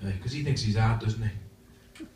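At a live event in a large indoor function room, a comedian and impressionist does stand-up, cheekily teasing the crowd and switching between voices. His voice is lowish, unhurried and darkish, picked up from far off in an echoey hall with faint noise.

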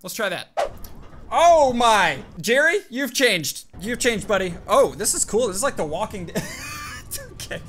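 A young man giving jokey, excited commentary as he plays a game, chatting to his companion and yelping at scares. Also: high-pitched, unhurried, a little hiss or hum. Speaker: gaming YouTuber. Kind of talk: excited let's-play commentary.

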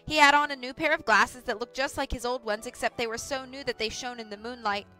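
A woman reading a children's novel aloud on a livestream, with clear, measured storytelling. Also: a little high, fairly even intonation, pushed and bright, soft background music, low-quality recording. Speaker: audiobook reader.

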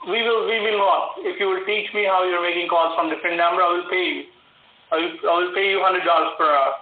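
A man's voice: high voice, steady tone, fast talker. A man working as a phone scammer who keeps pressing and repeating his offer. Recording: echoey distant phone line with faint noise.

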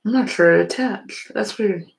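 A woman's voice: mid-range voice, moderate pace, gravelly, background noise. A young woman, casually chatting with viewers on a livestream, sleepy and yawning often. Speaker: livestream host.

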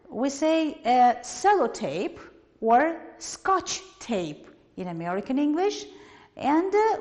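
Woman teacher, azerbaijani accent, bouncy up-and-down voice, hall echo. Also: on the high side. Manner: lively, emphatic, repeats words for students. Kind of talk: televised classroom lesson. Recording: long hall reverb.

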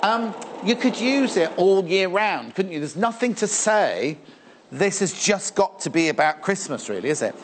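A middle-aged Englishman presents on a live shopping channel, chatting playfully and stumbling into many restarts. His high-pitched voice is very animated and moves at a moderate pace.

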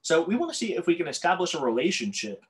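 This whiteboard calculus lesson comes from a man with a fairly high, fast voice that swings widely in pitch. He trips over his words, keeps correcting himself, and apologizes along the way.

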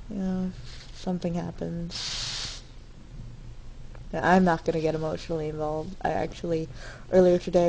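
Young woman, dorm-room video diary: slow, rambling and candid, dark gravelly tone. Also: lowish voice, a little hiss or hum, low-quality recording. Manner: rambling and candid, with frequent fillers and self-corrections. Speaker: vlogger.

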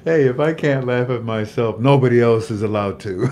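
A man's voice: medium pitch, darkish tone, a little hiss or hum. Jovial older man hosting a livestream. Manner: jovial, greets viewers by name, laughs at own jokes. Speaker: livestream host. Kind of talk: casual livestream chat and prayer.

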